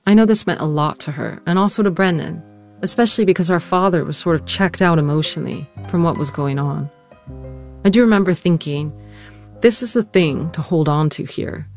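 A narrator telling a family story in a reflective, earnest, measured way, and also interviewing their mother. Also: medium pitch, vocal fry, darkish tone. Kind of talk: personal documentary narration and interview.

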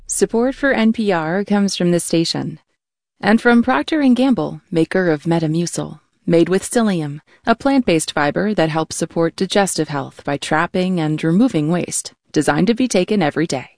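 A woman reading sponsor messages for a radio station in a smooth, scripted manner. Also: on the low side, animated, moderate pace, a little mellow, no room sound, clean studio sound. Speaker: station announcer. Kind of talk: sponsor reads.

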